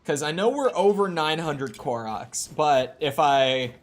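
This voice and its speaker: A man's voice: fairly high pitch, lively intonation, a little slow. A young man streaming a video game, talking to himself in a casual, rambling way with frequent restarts. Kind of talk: casual gameplay commentary.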